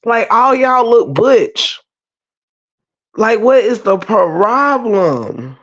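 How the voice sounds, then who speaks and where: A woman's voice: a little high, animated, extremely slow. A woman ranting profanely and rambling in livestream commentary, stopping to greet viewers in the chat. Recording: dull lo-fi stream audio.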